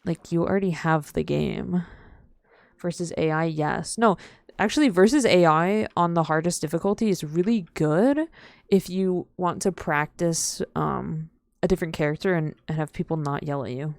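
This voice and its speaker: A woman's voice: lowish voice, normal speed, darkish tone, dry recording. A young woman live-streaming a game, rambling in casual chat and full of "like" fillers. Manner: rambling, heavy use of "like" fillers; chatty and playful.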